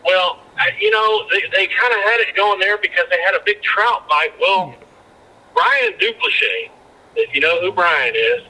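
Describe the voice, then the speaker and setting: Man, podcast guest, rambling anecdotes, very bright tone, slightly high voice. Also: sing-song, normal speed, vocal fry, rough recording. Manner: rambling anecdotes with many restarts. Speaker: podcast guest, former fishing guide. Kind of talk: casual storytelling chat.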